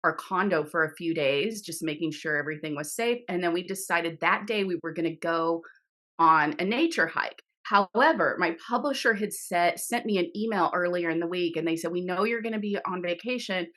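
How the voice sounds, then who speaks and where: A middle-aged woman, an author, telling a story in a casual interview over a video call, animated and laughing often, with many restarts. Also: lowish voice, a little fast. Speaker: author guest.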